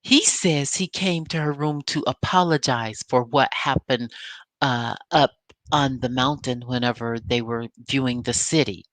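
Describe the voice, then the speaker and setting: Female vlogger, low voice, chatty recap commentary with emphatic storytelling, dry close sound. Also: a little slow, no room sound. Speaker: vlogger recapping a reality show.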